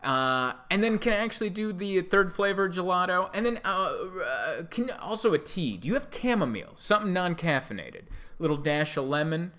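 A man putting on the voice of an entitled woman customer who dithers over her café order in drawn-out, overly polite tones. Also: high voice, very animated, pushed and bright, pitched above the performer's own voice, heavily acted. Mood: fussy.

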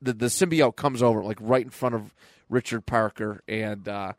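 A man co-hosting a podcast, recapping a comic book in casual chat and jumping into quick character voices as he goes. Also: fairly low pitch, dry recording. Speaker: podcast co-host.

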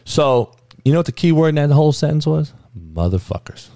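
A man's voice: fairly high pitch, a little fast, no room sound, clean studio sound. A man hosting a podcast, delivering a blunt, profane sports rant in casual talk. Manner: profane, blunt, animated rant with frequent cursing. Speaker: podcast host.

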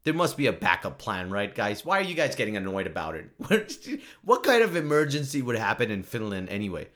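A man's voice: lowish voice, sing-song, fairly quick, hardly any pauses, fairly bright tone. A man giving a casual, joking commentary monologue, often laughing at himself. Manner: joking, self-mocking, frequent laughs. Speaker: vlogger.

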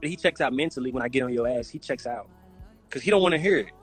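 A man's voice: medium pitch, fast talker, husky, faint music behind. A man from Texas, a guest in a casual livestream chat, bantering in a brash, teasing, mock-angry way. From Texas, USA.

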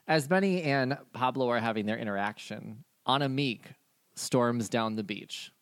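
A man narrates a tabletop game as game master, loose and hesitant, with frequent fillers. His voice is mid-pitched and the recording is close and dry. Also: normal speed, fairly bright tone, dry recording.

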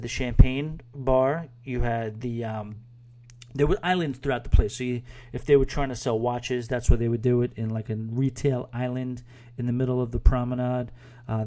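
A man's voice: mid-range voice, warm tone. A man hosting a podcast, rambling casually through a review with crude asides and self-mocking laughs into a microphone. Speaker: podcast host.

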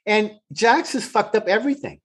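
A man's voice: high-pitched, normal speed, a bit bright, husky. A man who is a guest actor, telling stories from set over a remote call with weak wifi, emphatic and swearing freely. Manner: emphatic, profane storytelling.

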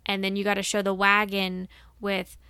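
A woman's voice: mid-range voice, monotone, normal speed, sharp tone, clear, resonant tone, dry recording. A woman co-hosting a podcast, chatting in a rambling, enthusiastic way. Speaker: podcast co-host. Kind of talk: casual chat.

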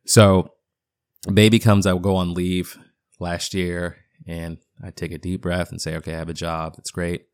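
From a home basement, a thirtysomething man with a partly Boston accent delivers a rambling solo update on his own podcast, with fillers and restarts throughout. His low voice is flat and moderately paced, and the audio is smooth with no room sound.

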